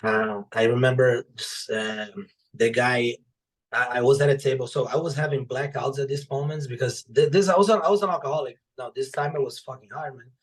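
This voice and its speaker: A man's voice: mid-range voice, fairly quick. A young adult man, a podcast guest and author, telling casual stories with plenty of swearing and acted-out dialogue. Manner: animated, profane, acts out quoted dialogue. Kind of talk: casual storytelling in conversation.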